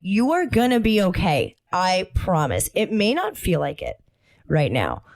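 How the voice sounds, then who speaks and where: A woman's voice: fairly low pitch, big pitch swings, unhurried, darkish tone. A woman co-hosting a casual talk show, chatty, laughing often, with many fillers. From Italian heritage. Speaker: podcast co-host. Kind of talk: casual chat.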